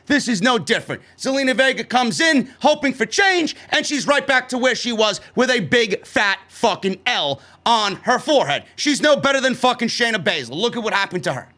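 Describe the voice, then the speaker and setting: A man with a high, bright and forceful voice delivers a profane, heated rant as he reviews a wrestling show. He swears constantly and drives every point home.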